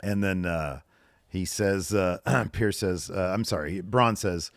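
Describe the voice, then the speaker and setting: A man with a fairly low voice recaps a wrestling broadcast in a casual podcast chat. He lifts his voice when quoting the people on the show. The sound is close and dry, with no room around it. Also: takes it slowly, vocal fry, no room sound. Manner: retells scenes, quoting lines in a raised voice. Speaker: podcast co-host.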